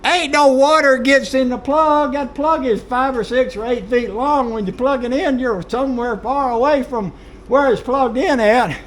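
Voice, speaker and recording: A man's voice: very high voice, moderate pace. A man ranting in a folksy, exasperated monologue straight to camera. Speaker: vlogger.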